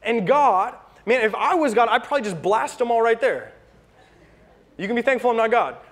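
A man's voice: extremely high pitch, expressive, moderate pace. A young American man preaching a sermon in a casual storytelling way, acting out the people he quotes. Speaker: pastor.

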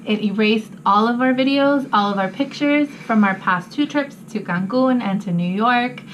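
Woman vlogger, casual chat, excitable, giggly, mouth burning from spice. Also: fairly high pitch, normal speed, muffled recording, slight background noise. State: mouth burning from spicy food.

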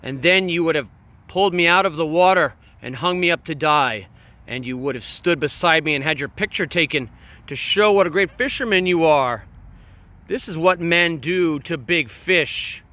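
A man voicing a giant sea fish, proud, wary and resentful, with a deep voice and slow, deliberate storybook delivery. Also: expressive, pushed and bright. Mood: angry. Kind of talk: storybook read-aloud.

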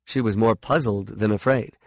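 A man narrating a fantasy short story in a slow, measured reading. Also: on the low side, fairly even intonation, vocal fry, dry recording, studio quality.

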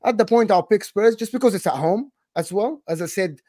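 Calm analytical man, dry close sound. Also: high voice, brisk, no echo. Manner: calm, methodical, repeats his point. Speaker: football fan pundit. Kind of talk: measured match analysis.

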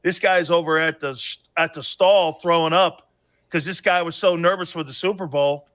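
A man with a fairly high, bright voice tells stories in an animated podcast chat. He talks in excitable bursts and rushes into each anecdote. The tone stays bright and forward.

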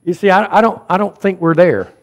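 A man's voice: high-pitched, brisk, in a large hall. A man preaching a sermon as pastor, speaking emphatically and often urging the congregation directly. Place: church sanctuary.

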